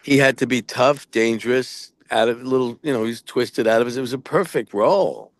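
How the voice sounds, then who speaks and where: A man's voice: medium pitch, moderate pace, no room sound, studio quality. A middle-aged man, an actor and podcast co-host, chatting casually and frankly, rambling with many restarts as he tells stories. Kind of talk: casual chat.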